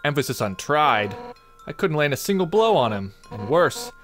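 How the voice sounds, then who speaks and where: A brash, hot-headed fish-woman warrior captain, as a man puts her on, loud and eager in a raised, lively voice. She swings up and down in pitch as she boasts and rambles. Game music plays steadily behind. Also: moderate pace. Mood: boastful.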